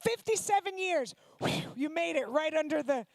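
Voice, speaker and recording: A woman comedian from Ukraine works a live room with a high voice, throwing teasing questions at the audience. The sound is dry and close, with no room echo. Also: expressive. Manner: teasing, quick banter with the audience. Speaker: stand-up comedian. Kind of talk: stand-up comedy with crowd work. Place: comedy night venue before a live audience.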